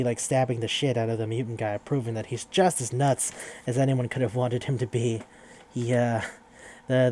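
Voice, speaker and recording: A man hosting a podcast talks through a story recap in a loose, rambling way, swearing freely and often restarting his sentences. His voice is mid-pitched and warm, with a mellow, soft-edged tone. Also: slight background noise. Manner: rambling and profane, with frequent restarts. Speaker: podcast host. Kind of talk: casual recap of a horror manga.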